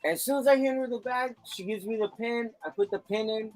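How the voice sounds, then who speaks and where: A high-pitched man tells animated stories in a relaxed chat about his job as a delivery driver. His voice is dry and close, and faint music plays behind him. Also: a little fast, dry recording, rough recording. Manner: animated storytelling, frequent swearing. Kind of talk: casual chat.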